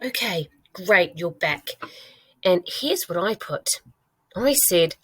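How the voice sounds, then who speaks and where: A woman with a British accent, a primary school teacher giving a recorded reading lesson with clear, patient instructions. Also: fairly low pitch, lively intonation, slow, no echo. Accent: British English.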